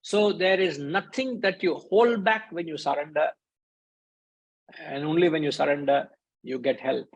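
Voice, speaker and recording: A man's voice: on the high side, moderate pace, vocal fry, poor audio. A man giving a conversational spiritual discourse as a teacher, briefly acting out the voices in his stories. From India.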